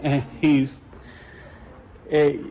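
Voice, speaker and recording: A man's voice: a little high, monotone, very slow, mellow, a little hiss or hum, low-quality recording. A man talking to his own camera, indignant and complaining as he films a dispute. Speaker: video-recording visitor. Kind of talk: self-narrated confrontation vlog.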